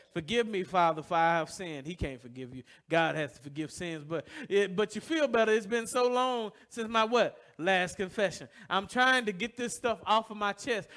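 A man's voice: high voice, fairly bright tone. A man preaching a sermon, asking the congregation to finish his sentences and building with emotion. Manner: call-and-response questions to the congregation; preaching with rising emotion and repetition. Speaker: pastor.

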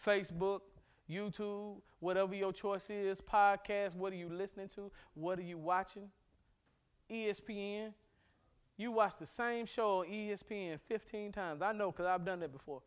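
Man, pastor, sermon, high voice, animated, joking, church. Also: normal speed, clean tone. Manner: animated preaching with humor and rising emphasis. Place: church sanctuary.

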